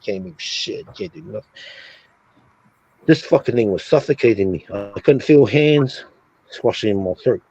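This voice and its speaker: A man's voice: medium pitch, unhurried, gravelly, long pauses, slightly rough. Profane man telling a story. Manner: profane, animated, acts out sounds and his own reactions. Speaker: streamer. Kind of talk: casual storytelling. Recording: dull lo-fi stream audio.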